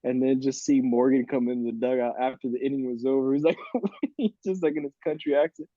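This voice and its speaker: A man in his thirties from Miami, a podcast guest telling lively, laughing stories about his college baseball days. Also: mid-range voice, brisk, dry recording, phone-quality sound. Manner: lively, laughing anecdotes with quoted voices. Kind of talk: casual storytelling on a podcast.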